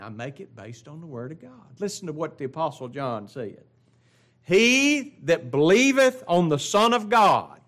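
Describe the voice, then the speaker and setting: A man's voice: high-pitched, fairly bright tone. A man preaching a sermon as pastor, drawing out quoted scripture and rising in emphasis on key points.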